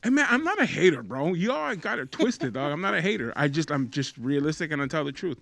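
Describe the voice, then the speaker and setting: An animated man, co-hosting a podcast with emphatic, slangy casual chat. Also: on the high side, fairly quick, creaky, no echo. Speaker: podcast co-host.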